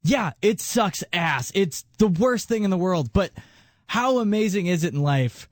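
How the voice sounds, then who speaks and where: High-voiced frank radio co-host. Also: male voice, lively intonation, a little slow, no room sound, clean studio sound. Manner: frank, plain-spoken, consoling. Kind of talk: radio talk.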